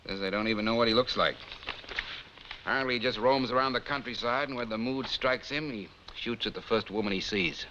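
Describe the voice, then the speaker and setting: A man's voice: mid-range voice, brisk, noisy background, natural voice. A man playing a dry, sardonic husband who works in real estate, in a 1950s TV drama. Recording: dull lo-fi 1950s TV soundtrack.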